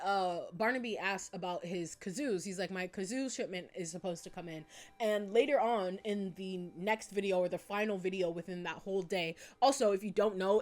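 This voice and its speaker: A woman's voice: medium pitch, darkish tone. Woman, casual commentary host, giggly, filler-heavy. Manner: bubbly, giggly, lots of fillers. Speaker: video essayist.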